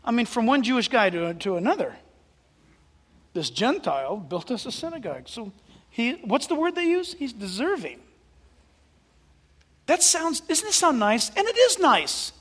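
High, lively-voiced man preaching in a reverberant hall. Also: normal speed, pauses often, breathy edge. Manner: animated storytelling, dropping to soft asides. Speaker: pastor. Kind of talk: sermon.

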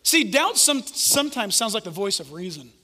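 A male preacher giving an animated, conversational sermon and acting out the quotes he tells. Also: high voice, moderate pace. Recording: echoey hall reverb.

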